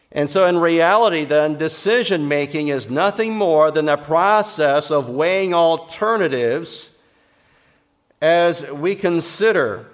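Earnest male preacher, slightly high voice. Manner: earnest, measured preaching with repeated emphatic phrases; soft, slow closing prayer. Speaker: pastor. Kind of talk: sermon.

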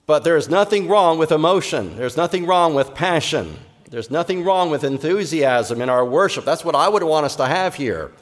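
A man delivering a Sunday sermon, earnest and measured. His voice sits a little on the high side, and he leans on repeated phrases to drive his points home. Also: expressive. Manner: soft, slow closing prayer. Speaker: pastor.

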